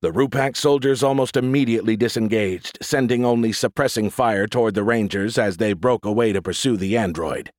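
A man narrating an audiobook in a steady, even storytelling manner, close to a studio mic. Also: fairly low pitch, fairly quick, few pauses, dry recording.

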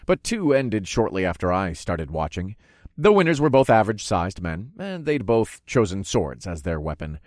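A man with a lowish voice reads a first-person adventure story, his pitch moving freely as he goes. His telling is easygoing and a little wry. The recording is close and dry, with no room sound. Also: no echo. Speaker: narrator. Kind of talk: first-person audiobook narration.

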